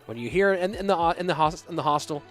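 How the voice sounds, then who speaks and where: A young man with a slightly high voice casts a game live from his home office, rambling and chatting straight to his viewers. Faint game music plays underneath him. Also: expressive, fast talker, a bit bright. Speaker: esports caster. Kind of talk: solo live-stream commentary and chat reading.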